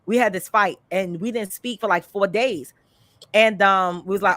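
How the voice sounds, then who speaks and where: Woman podcast host, candid storyteller, chatty and animated, dry close sound. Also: medium pitch, a little fast, no room sound. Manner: animated, chatty, frequent "you know" and "like". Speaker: podcast host and life coach.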